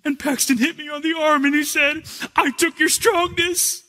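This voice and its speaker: Small boy, hurt and close to tears, whiny and pleading in a piping voice pitched well up, as a man puts him on. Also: fairly even intonation, normal speed, bright, forceful tone.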